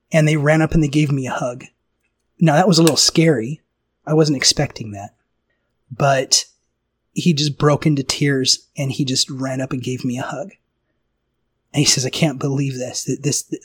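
Animated man telling a personal story. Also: a little high, husky, no echo. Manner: animated, self-interrupting storyteller with frequent restarts and laughs. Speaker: podcast host. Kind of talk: casual conversational storytelling.

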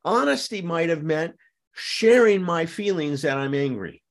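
A man hosts a frank talk about recovery, his pitch rising and falling in lively sweeps. He speaks with emphasis and sometimes jumps into an angry voice to act out an example. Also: a little slow. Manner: animated, emphatic, acts out angry quotes. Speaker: host.

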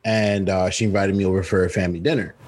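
Husky guy spinning a story, slips into voices for his buddy. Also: quick pace. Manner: animated storytelling, acts out friend in high voice. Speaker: storyteller guest. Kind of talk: casual chat.

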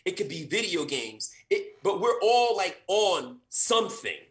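Animated male actor telling a story. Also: high-pitched, measured pace, echoey room. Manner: animated, acts out quotes with big voice swings.

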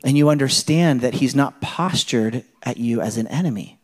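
Man, pastor, sermon, conversational, animated, rhetorical questions, middle-pitched voice. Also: normal speed.

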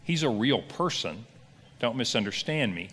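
A pastor leads a relaxed Bible class, telling the story with animated energy and plenty of asides to his listeners. His voice rises and falls widely around an ordinary male pitch. The sound rings with the long reverb of a church hall. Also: moderate pace. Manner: animated storyteller, conversational asides and rhetorical questions. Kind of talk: casual Bible class teaching.

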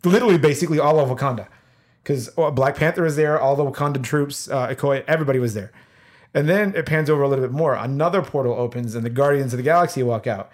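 A man casually retelling movie scenes to friends, animated and swearing freely as he acts out the big moments. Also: medium pitch, fast. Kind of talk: casual movie recap chat.

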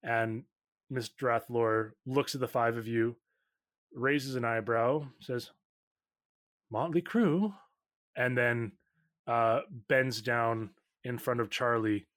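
Male game master, unhurried, lots of "uh" and "um", dead-dry mic. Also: mid-range voice, no room sound. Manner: relaxed, halting narration with many fillers. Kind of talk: narrating a tabletop game.

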